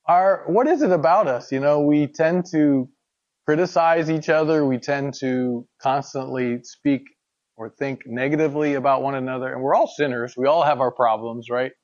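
A man's voice: mid-range voice, moderate pace, a little mellow, highs cut off. A man leading a casual Bible study discussion, talking in a thoughtful, conversational way with frequent fillers and restarts.

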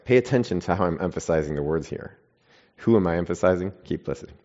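A man with a fairly low voice delivers a sermon, leaning hard on key words and pausing before quiet, weighty phrases. He turns to his congregation with casual, conversational asides. The recording sounds muffled and lo-fi. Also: animated. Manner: emphatic scripture reading with long pauses and sudden quiet stresses. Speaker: pastor. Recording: dull lo-fi sound.

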